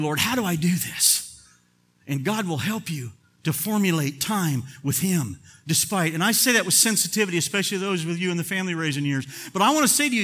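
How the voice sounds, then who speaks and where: An older man preaching a sermon with passion, swinging from loud emphatic bursts to quiet asides. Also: sits high. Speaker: pastor.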